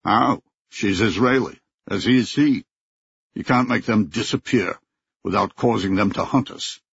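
A man voicing a cool, worldly male captor who speaks in a calm, lecturing way, in an audiobook. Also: fairly low pitch, unhurried, creaky, slightly rough, no room sound, heavily acted. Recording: dull lo-fi recording.

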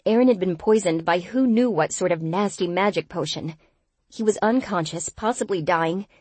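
A woman narrates a first-person audiobook in a tense, expressive reading. Her voice is low and husky, recorded close in a dead-dry studio. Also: moderate pace, no echo.

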